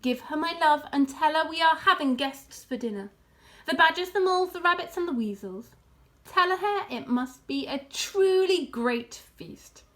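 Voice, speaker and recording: A woman's voice: high-pitched, lively intonation, moderate pace, pitched above the performer's own voice. A woman reading aloud and voicing a proud, showy male fox who talks in a grand, relishing way. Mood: fond. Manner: grand, relish-filled, commanding.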